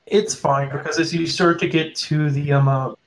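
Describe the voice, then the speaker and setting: Casual, halting male game master. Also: on the high side, steady tone, low-quality recording. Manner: casual, halting narration with fillers. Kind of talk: narrating a tabletop game.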